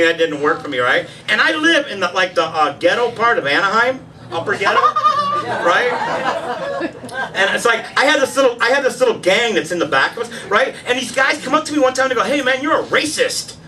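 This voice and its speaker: High-voiced rambling stand-up comedian. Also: male voice, expressive, brisk. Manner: rambling, self-deprecating, banters with audience. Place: live show at a women's shelter. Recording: distant mic, loud crowd and noise.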